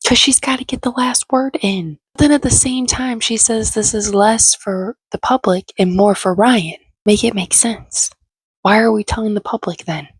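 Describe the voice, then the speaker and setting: A woman's voice: mid-range voice, moderate pace, slightly rough, no room sound. A woman giving casual, sarcastic, opinionated commentary as she recaps a reality show.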